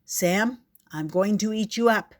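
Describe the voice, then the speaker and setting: A woman voicing a vain, hungry male tiger with slow, strutting boasts. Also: medium pitch, close to an everyday voice. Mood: boastful.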